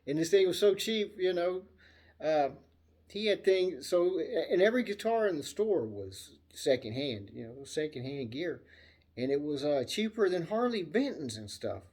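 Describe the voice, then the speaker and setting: A man's voice: fairly high pitch, moderate pace. A man casually telling a rambling story about buying a guitar, acting out the voices of the people in it, then demoing the instrument. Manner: rambling, animated, acts out voices in anecdotes. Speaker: guitar channel host.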